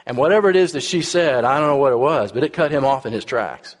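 A Texan preacher in his fifties talks fast at an even, ordinary pitch, telling his story conversationally with frequent "right?" and "uh" asides to listeners. A long reverb follows each phrase, as if in a big hall.

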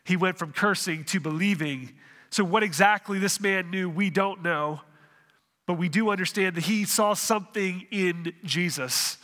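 A man preaching a sermon as pastor, earnest, with dramatic pauses, in a church sanctuary. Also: sits high, bright, forceful tone, big-room sound.

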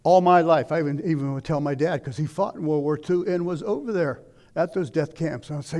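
Older male preacher, high voice, fervent sermon delivery that swings between loud declaiming and hushed asides. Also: fairly quick.

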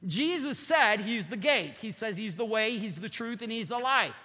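A preacher in his fifties delivers a sermon in a high, bright voice, driving his points home with repetition. The sound rings with long reverb as if in a church hall. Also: animated, moderate pace. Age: 50s. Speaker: pastor.

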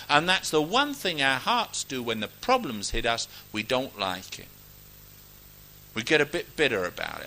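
A man preaching a sermon, emphatic and exhorting, swinging between loud declarations and quiet asides. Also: medium pitch, very animated, vocal fry, low-quality recording. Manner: reads scripture aloud in a ringing, measured cadence.

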